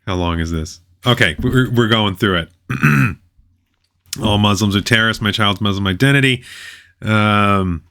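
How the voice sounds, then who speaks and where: Bright, crisp-voiced sarcastic male commentator. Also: lowish voice, measured pace. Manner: sarcastic, mocking asides. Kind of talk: reaction commentary reading a web page aloud.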